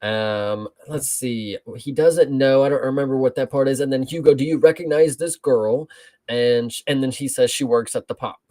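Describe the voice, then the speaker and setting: A man's voice: medium pitch, steady tone, normal speed, hardly any pauses, mellow. Rambling, profane man chatting about a film. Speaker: film review co-host. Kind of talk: casual film review chat.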